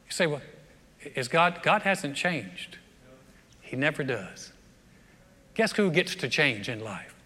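High, bright, animated preacher man. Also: slow pace, pauses often, husky. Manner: animated storytelling, humorous asides. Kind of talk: sermon. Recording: long reverb of a big hall.

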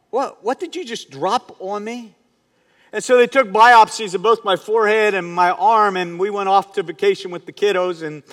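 A man's voice: sits high, a bit bright. A man in his fifties preaching, telling a personal story in a conversational way and asking the congregation questions. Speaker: pastor. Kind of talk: sermon. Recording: long hall reverb.

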